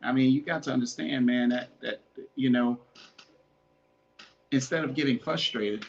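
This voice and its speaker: A man's voice: mid-range voice, normal speed, vocal fry, highs cut off, a little hiss or hum. A man hosting a podcast, giving earnest, repetitive relationship advice in a casual, preachy way and calling his listeners "man". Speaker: podcast host.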